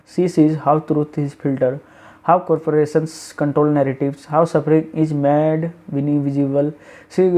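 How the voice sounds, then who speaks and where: A man's voice: a little high, dark tone, rough recording. A man reading a scripted film review as a voice-over, in short clipped phrases with occasional restarts.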